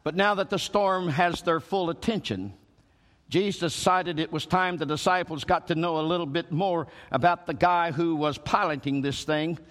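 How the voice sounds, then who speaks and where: A man preaching a sermon to a congregation, rising to emphatic peaks and drawing out slow, weighty phrases. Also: fairly high pitch, fairly bright tone, long reverb tail. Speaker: pastor.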